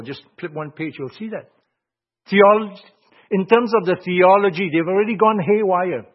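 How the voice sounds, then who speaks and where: Emphatic male preacher, dull lo-fi sound. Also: sits high. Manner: swings between loud emphatic phrases and quiet asides; reads scripture aloud in King James wording. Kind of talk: expository sermon.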